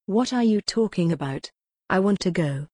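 A woman's voice: medium pitch, animated, normal speed, dark tone, breathy edge, dry recording, clean studio sound. A narrator voicing a frightened young woman. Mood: anxious. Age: 20s. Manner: anxious, pleading.

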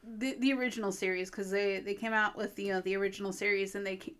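A woman's voice: medium pitch, fairly even intonation, fast, fairly bright tone. Rambling woman chatting casually. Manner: rambling, many fillers. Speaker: podcast co-host. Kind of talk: casual chat.

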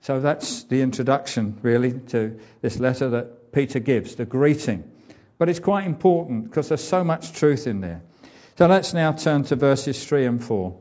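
Preacher with a mellow, dull-toned voice. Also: male voice, mid-range voice, animated, moderate pace. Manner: conversational preaching with fillers and asides. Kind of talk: sermon.

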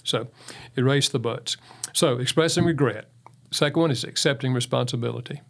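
A man's voice: medium pitch, moderate pace, gravelly, a bit bright. Folksy man telling marriage anecdotes. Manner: folksy storyteller who chuckles often. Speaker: guest speaker on marriage. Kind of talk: interview talk with anecdotes.

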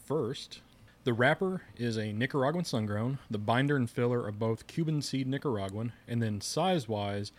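A man hosting a casual podcast, relaxed and friendly, asking his guest questions. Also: mid-range voice, normal speed. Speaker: podcast host.

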